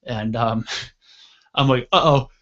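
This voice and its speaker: A man hosting an internet radio talk show, spinning a rambling anecdote with blunt, offhand swearing. His voice sits at a middle pitch for a man. The recording sounds a little dull and lo-fi. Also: moderate pace. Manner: blunt, casually profane. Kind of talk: casual storytelling chat.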